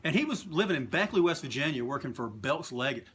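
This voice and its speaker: Bright fast-talking older man telling stories. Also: fairly high pitch, a little hiss or hum. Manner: animated raconteur, acts out quotes with profanity. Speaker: guest, comic book shop owner and wrestling author. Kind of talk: casual storytelling in a livestream chat.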